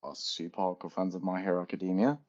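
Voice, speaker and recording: Low-voiced young man on lo-fi podcast. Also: steady tone, fast, a little mellow. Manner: rambling, laughs often, chatty. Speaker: podcast co-host. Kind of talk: casual chat. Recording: dull lo-fi home podcast recording.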